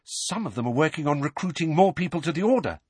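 A man voicing an anxious, earnest teenage girl, talking quickly and pleadingly in an audiobook. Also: a little high, lively intonation, a little mellow, husky, no echo, pitched above the performer's own voice. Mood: hasty. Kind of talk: audiobook character voice.

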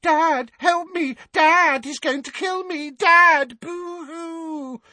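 A man's voice: very high voice, steady tone, slow, bright, forceful tone, dry recording, voice pushed up, full character voice. A man voicing a big, sulky teenage boy who bullies and taunts, snarling his lines. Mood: mock wailing.

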